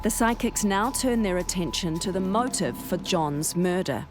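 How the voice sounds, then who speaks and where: A woman giving scripted documentary narration in a measured, even way. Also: on the low side, over music.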